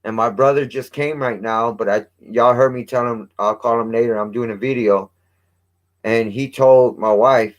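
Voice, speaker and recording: A man at an average pitch, talking off the cuff as a vlog host. He rambles, restarts sentences mid-thought and drops casual swear words along the way. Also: moderate pace.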